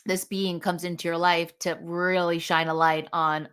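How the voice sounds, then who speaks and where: A woman's voice: on the low side, measured pace, clean tone. A woman hosting a podcast, talking emphatically with lots of "like" and "you know". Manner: emphatic, animated, filler-heavy. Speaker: podcast host. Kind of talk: conversational podcast chat.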